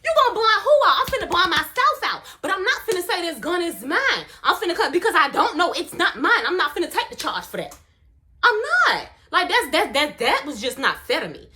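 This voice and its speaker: A young woman, telling a personal story in a casual, slangy and expressive way. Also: very high voice, brisk. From Miami, US. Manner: animated, slangy, expressive retelling.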